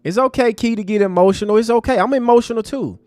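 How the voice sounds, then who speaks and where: Impassioned high-voiced male livestream host. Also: fast talker, darkish tone, no room sound. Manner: impassioned, preachy, talks to chat as family. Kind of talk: livestream commentary.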